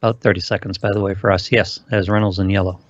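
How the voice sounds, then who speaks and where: A male host running a live stream, brisk and joking in casual chat. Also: on the low side, steady tone, dull audio.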